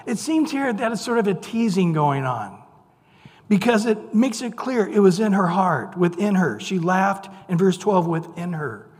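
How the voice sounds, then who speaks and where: A man's voice: sits high, a little mellow. A man preaching a sermon in a conversational, playful storytelling way, acting out the voices of the people he quotes. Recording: long hall reverb.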